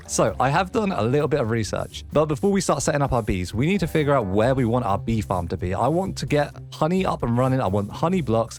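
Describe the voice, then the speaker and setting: Excitable man doing game commentary. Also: mid-range voice. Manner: excitable, lively, talks to game animals. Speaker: let's play host. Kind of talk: gameplay commentary.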